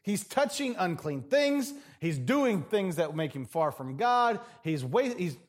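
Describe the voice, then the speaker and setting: A group of indignant religious leaders put on by a male preacher, complaining in a higher, louder voice. The delivery rises and falls in a lively way as they list each complaint. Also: unhurried. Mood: scornful. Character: scornful grumbling religious leaders.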